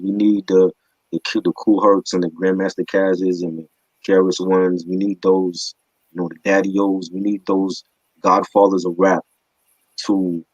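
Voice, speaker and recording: A man's voice: sits low, a little mellow, dry recording, poor audio. A man co-hosting a casual hip hop album review, slangy, joking and opinionated.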